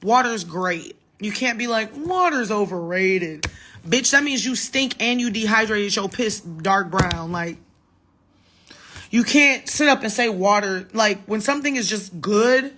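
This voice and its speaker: A woman's voice: mid-range voice, unhurried, a bit bright. A woman in her thirties, a little drunk, rambling casually and profanely to fans in a late-night phone livestream.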